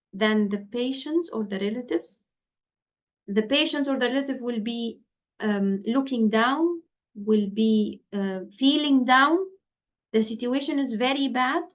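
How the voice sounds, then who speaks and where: A woman teaching doctors in an online lesson over a computer mic, repeating her points and checking in with her listeners. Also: on the high side. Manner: slow, repetitive, checks in with listeners. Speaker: medical exam tutor.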